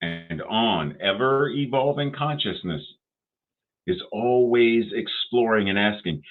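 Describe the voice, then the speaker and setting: A man giving a sermon, deliberate and repetitive, asking rhetorical questions. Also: lowish voice, animated. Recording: tinny phone-like sound.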